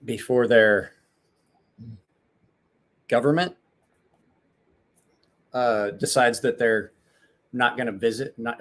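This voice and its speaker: A man's voice: mid-range voice, expressive, slow pace, long pauses. A man casually chatting with viewers on a livestream, joking, rambling and swearing freely. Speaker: livestream host.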